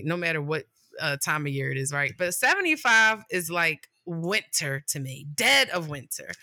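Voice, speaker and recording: A woman podcast co-host with a bright, forceful voice and a lively, rising-and-falling pitch. She swears emphatically and laughs through casual banter. Her voice sits close and dry, with no room sound. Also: dry recording. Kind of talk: casual chat.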